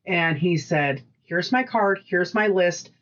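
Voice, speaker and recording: A woman co-hosting a casual podcast, telling animated work stories, acting out voices and swearing freely. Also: fairly low pitch, takes it slowly, muffled recording. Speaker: podcast co-host. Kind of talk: casual storytelling chat.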